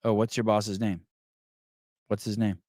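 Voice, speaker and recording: Reading live comments on his podcast, this man rants and rambles profanely, restarting again and again in a casual chat. His voice is on the low side, a little mellow and a little slow, with a flat delivery. There's no echo, and the studio sound is clean.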